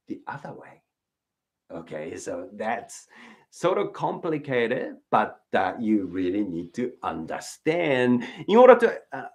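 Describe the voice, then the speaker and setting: A man teaching rakugo in an informal lesson, unhurried and full of fillers. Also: mid-range voice.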